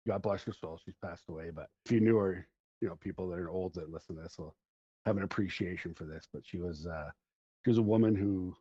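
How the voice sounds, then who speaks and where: A man's voice: low voice, warm tone, breathy edge, no room sound. A middle-aged man hosting a podcast, telling long rambling stories in casual chat and laughing along the way. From Central Alberta, Canada. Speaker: podcast host. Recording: dull lo-fi recording.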